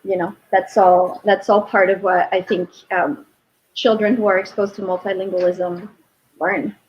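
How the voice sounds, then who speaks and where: Woman, interview guest, animated anecdotes, quotes dialogue, dull recording. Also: mid-range voice, moderate pace, slight background noise. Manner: animated storytelling, quoting her son. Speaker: linguistics professor, interview guest. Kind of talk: casual interview talk.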